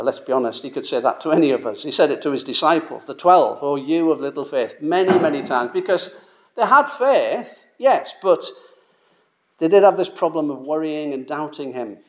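A man's voice: on the high side, expressive, moderate pace. A man preaching a sermon in a conversational, emphatic way, full of rhetorical questions and casual asides.

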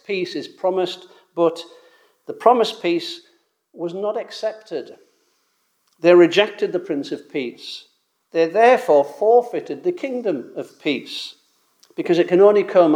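Emphatic preacher man, fairly high voice. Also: darkish tone. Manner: emphatic, rises and falls in volume, slows on key phrases. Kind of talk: expository sermon.

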